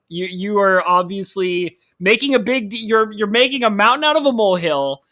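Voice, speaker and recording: A woman's voice: lowish voice, a bit bright. A woman co-hosting a podcast in casual chat, giggly and playfully sarcastic. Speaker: podcast co-host.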